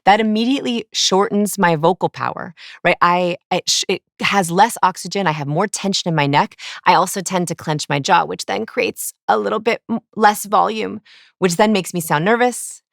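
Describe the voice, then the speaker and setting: A woman's voice: medium pitch, moderate pace, creaky, dry recording, clean studio sound. A woman in her thirties, a guest expert, explaining eagerly in an interview and acting out examples. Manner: animated, explanatory, acts out examples. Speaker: guest, body language expert.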